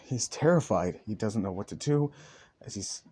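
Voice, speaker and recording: A young man improvising and narrating a fan story in a rambling, hushed way. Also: fairly low pitch, lively intonation, normal speed, husky.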